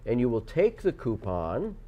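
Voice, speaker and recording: A talkative man co-hosting a live local TV shopping show in a studio. He chats on easily, at a middle pitch, and playfully drops into a gruff mock tough-guy voice when he wants to stress a point. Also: huge pitch swings, a little slow, dull audio. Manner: chatty, bursts into a mock tough-guy voice for emphasis. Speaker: local TV co-host.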